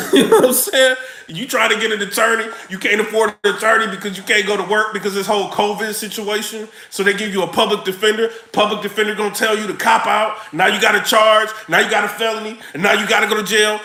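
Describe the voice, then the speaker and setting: A man ranting to his viewers in a casual, joking way, slangy and animated. His voice sits high and sounds gravelly and bright. The sound echoes around the room. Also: fast, few pauses. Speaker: vlogger. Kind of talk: casual rant to camera.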